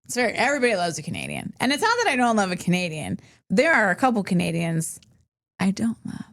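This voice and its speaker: A chatty woman co-hosts a casual podcast conversation. Her voice sits at an ordinary middle pitch, but she breaks into laughter often and leaps way up in pitch when she gets animated. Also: fast talker, creaky. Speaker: podcast co-host. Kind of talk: casual chat.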